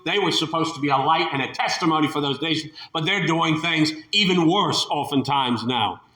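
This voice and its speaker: A man's voice: medium pitch, sharp tone, roomy sound. A man preaching a sermon in a fervent way, building to emphatic peaks and sometimes restarting his sentences.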